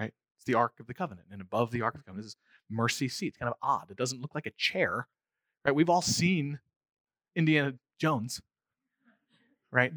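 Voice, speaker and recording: Animated preacher, man, dry close sound. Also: medium pitch, dry recording. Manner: animated, rising to near-shouts for emphasis. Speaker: pastor. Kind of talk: sermon.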